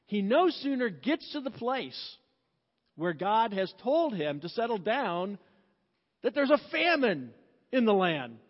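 A man preaching a sermon as pastor, storytelling in a chatty way, laughing often and softening when reflective. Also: sits high, sing-song, takes it slowly. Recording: dull sound with long hall reverb.

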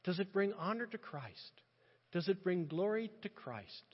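A man preaching a sermon in an impassioned, animated way, often restarting his phrases. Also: high voice, measured pace, husky. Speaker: pastor. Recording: muffled sound with long reverb.

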